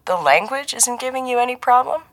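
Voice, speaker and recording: A woman voicing a wry, fatherly male agency handler who speaks mildly and drops to a hush. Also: deep voice, normal speed, gravelly, husky, no room sound, heavily acted. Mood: teasing. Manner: mild, teasing, then hushed and serious.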